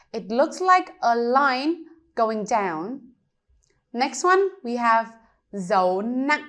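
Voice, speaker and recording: A woman's voice: on the high side, a bit bright. A woman teaching pronunciation, explaining patiently step by step with examples. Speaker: language teacher. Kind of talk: slow pronunciation lesson.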